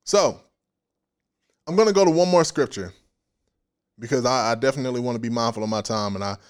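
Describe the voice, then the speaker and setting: A man preaching a casual sermon in an animated, playful way, with slang and frequent laughs. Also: mid-range voice.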